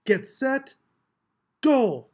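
A man's voice: very high-pitched, big pitch swings, drawn-out words, pitched above the performer's own voice, exaggerated voice. A man voicing a bossy boy who barks commands to start a race. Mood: shouting. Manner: barking commands.

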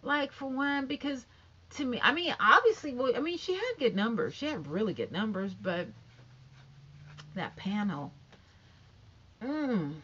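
Sassy high-voiced woman gossiping. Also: a little slow, pauses often, highs cut off, a little hiss or hum. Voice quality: high, youthful-sounding voice. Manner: chatty, sassy, animated, talks straight to viewers. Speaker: YouTube commentator. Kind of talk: casual gossip commentary to camera.

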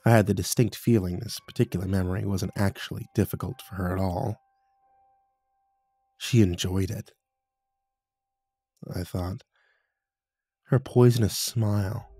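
A man reading a horror story aloud in a measured, ominous way. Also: low voice, fairly even intonation, mellow, husky, no room sound. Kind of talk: scripted horror narration.

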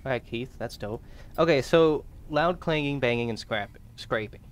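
A man's voice: mid-range voice, moderate pace. Casual young man gaming, laughing and swearing. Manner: casual, swearing, laughs often, reads in-game notes aloud. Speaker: gaming YouTuber. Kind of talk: let's play commentary.

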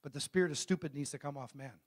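A middle-aged man preaching a sermon as a pastor, calling out questions to the congregation and reading scripture slowly and emphatically. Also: on the high side. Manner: call-and-response preaching, asks the congregation questions.

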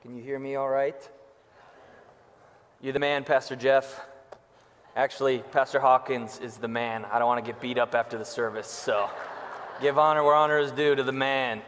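Hoarse young pastor preaching in a hall. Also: male voice, mid-range voice, level tone, normal speed, pauses often, a bit bright, slight background noise. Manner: joking, self-deprecating. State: hoarse from illness. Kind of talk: sermon. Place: church sanctuary. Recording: echoey church hall.

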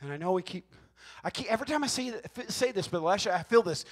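A man with a notably high voice preaches a Pentecostal sermon. He talks to the congregation in a folksy, joking way and swings from quiet asides to loud, emphatic shouting. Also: expressive, quick pace, few pauses. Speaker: pastor.

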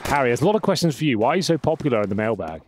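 A man's voice: mid-range voice, big pitch swings, racing. A man from Europe commentating esports, dry and playful, reading viewer mail. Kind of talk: commentary and desk chat.

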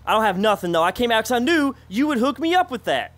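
A man's voice: extremely high pitch, fast, heavily acted. A man voicing a jittery, drug-addled young man in an improvised game role-play, rambling and repeating himself. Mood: wheedling. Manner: rambling, repetitive, excitable.

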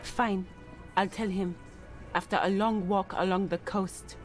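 A man putting on the voice of a scornful, sharp-tongued young woman, sneering and cutting. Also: high-pitched, steady tone, unhurried, soft background music, voice pushed up.

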